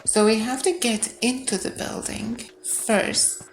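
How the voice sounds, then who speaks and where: A woman's voice: fairly high pitch, fairly even intonation, slow pace, faint music behind. A woman playing a video game and commenting as she goes, thinking aloud, reading out on-screen text and correcting herself. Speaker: gamer. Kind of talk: let's-play commentary.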